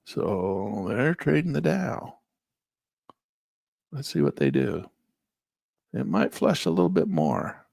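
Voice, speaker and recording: Animated, gravelly man teaching live trading. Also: lowish voice, takes it slowly, pauses often, no room sound. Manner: animated, teasing, playful narration of market moves. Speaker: trading instructor. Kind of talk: live online trading class.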